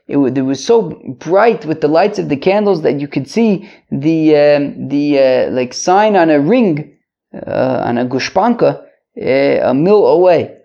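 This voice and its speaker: Guy reading talmud aloud then explaining it in loose english, kinda high and gravelly, slow on the aramaic, quick on the english. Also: warm tone. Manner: reads Aramaic phrases slowly, then paraphrases quickly in English; casual asides with frequent fillers. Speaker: podcast host teaching Talmud. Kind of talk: casual Talmud lesson, reading and translating. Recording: dull lo-fi audio.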